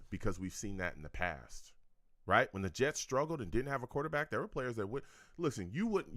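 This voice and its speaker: A man's voice: on the low side, fairly bright tone, no echo, studio quality. A man hosting a live-streamed sports talk show, answering the chat and talking animatedly, repeating himself and laughing often.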